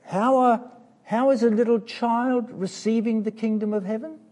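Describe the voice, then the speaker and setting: A man preaching a sermon to children, slow and emphatic, asking questions of his listeners. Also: extremely high pitch, fairly even intonation, darkish tone.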